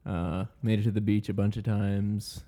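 A man's voice: lowish voice, level tone, normal speed, mellow. A man in casual podcast chat, easygoing as he recounts a recent trip. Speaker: podcast co-host.

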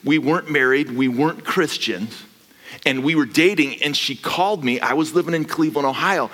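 A man preaching a sermon as a guest pastor, energetic and swinging from quiet asides to shouting. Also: a little high, normal speed, in a large hall. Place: church sanctuary.

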